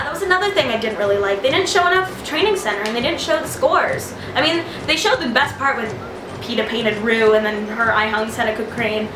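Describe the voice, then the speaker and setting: A woman giving a casual movie review, gushing and rambling with lots of "like". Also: fairly high pitch. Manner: gushing, rambling, heavy use of "like". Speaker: film reviewer. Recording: echoey room, distant mic, music behind.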